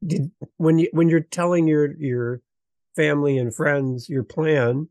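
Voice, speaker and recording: A man hosting a podcast interview, reacting with enthusiasm and talking quickly, repeating words when he gets excited. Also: on the high side, dry recording. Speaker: podcast host. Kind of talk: casual interview chat.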